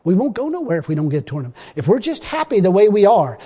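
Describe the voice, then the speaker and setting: A male preacher with a high-pitched, slightly husky voice delivers a sermon in plain, folksy grammar. He swings from loud, pressing exhortation to quiet, confiding asides. His voice carries the long reverb of a church hall. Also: big pitch swings, fairly quick.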